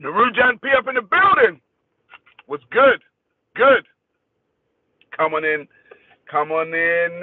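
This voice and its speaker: Guy chatting on his livestream, bit high voice, dry thin phone-like sound, swears a lot. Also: no echo. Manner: laid-back, greets viewers by name, swears freely. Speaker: livestream host. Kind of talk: casual livestream chat reading comments.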